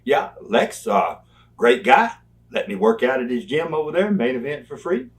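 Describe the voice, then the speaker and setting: A man's voice: mid-range voice, moderate pace. Folksy older man. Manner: animated, folksy, laughs through stories. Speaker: interview guest. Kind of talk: storytelling in a sit-down interview.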